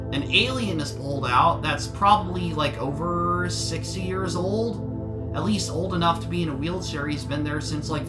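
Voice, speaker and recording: A man giving a solo film review in an exasperated, sarcastic, ranting manner. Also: on the high side. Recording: music playing under the voice.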